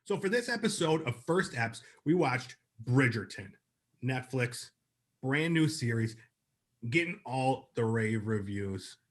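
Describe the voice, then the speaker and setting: Man, podcast co-host, casual review chat, mid-pitched, upbeat, chatty. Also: lively intonation, unhurried. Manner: chatty, upbeat, filler-heavy.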